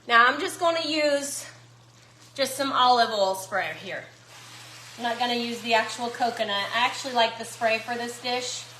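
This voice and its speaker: A woman's voice: high voice, sharp tone, echoey room, slight background noise. A woman chatting casually to viewers while cooking in her home kitchen. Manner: chatty, folksy, talks to viewers as y'all. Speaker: cooking vlogger.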